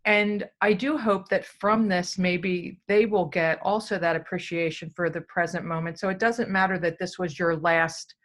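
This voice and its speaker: Woman host, low voice, reflective parenting chat, easy laughs. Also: steady tone, moderate pace, few pauses. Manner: thoughtful, reflective, laughs often. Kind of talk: casual group video chat.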